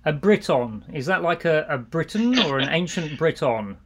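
Deadpan middle-aged northern English man. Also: a little high, moderate pace. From Yorkshire, England. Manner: deadpan, joking. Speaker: podcast guest, marketing executive. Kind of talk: interview answers.

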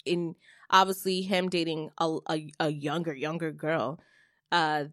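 A young adult woman on a podcast, telling a personal story in blunt, swearing, animated casual chat. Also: deep voice, a little slow, no echo, clean studio sound. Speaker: podcast co-host.

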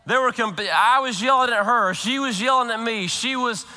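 A high-pitched, bright-toned male pastor preaching in a church sanctuary. He tells a funny story in an animated way, stumbling and restarting as he goes. His voice carries a long reverb from the big hall. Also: normal speed. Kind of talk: sermon with prayer and storytelling.

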